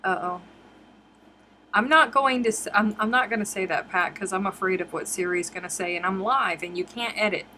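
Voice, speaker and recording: A woman's voice: mid-range voice, moderate pace, pushed and bright, slight background noise. Chatty woman hosting a live stream. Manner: chatty, reads viewer comments aloud and answers them. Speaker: crochet live-stream host. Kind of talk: casual live-stream chat. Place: home, on a live webcam stream.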